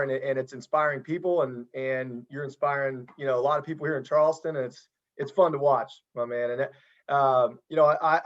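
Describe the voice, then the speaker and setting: A man's voice: fairly high pitch, dull audio. A man hosting a casual podcast interview as a football coach, earnest and encouraging, often restarting his sentences.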